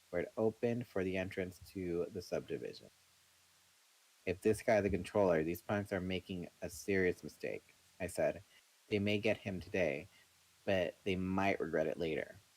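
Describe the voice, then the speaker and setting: Low-voiced man reading a novel aloud. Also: low-quality recording. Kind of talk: reading a book aloud, then casual chat.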